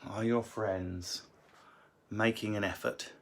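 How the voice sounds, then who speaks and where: A man's voice: lowish voice, steady tone, takes it slowly, a bit bright. A man who is a comedian, casually answering viewer questions from a room at home with cheeky, crude banter. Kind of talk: casual live Q&A.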